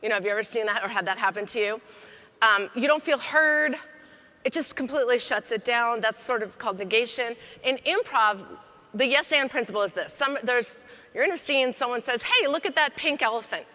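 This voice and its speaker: Bright-voiced woman giving a comedic keynote. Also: fairly high pitch, a little fast. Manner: lively, conversational, joking with the audience. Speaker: keynote speaker. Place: large conference hall. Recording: long hall reverb.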